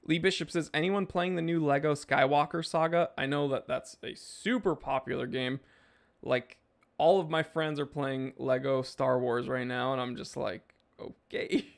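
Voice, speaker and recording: A man's voice: medium pitch, steady tone, moderate pace, gravelly. A man hosting a live stream, reading chat messages and answering in a laid-back, rambling way with lots of fillers.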